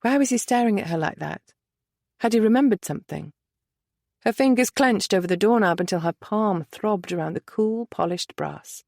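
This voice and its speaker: A woman narrating a romance audiobook in a measured, expressive reading. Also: mid-range voice, creaky, no echo, clean studio sound.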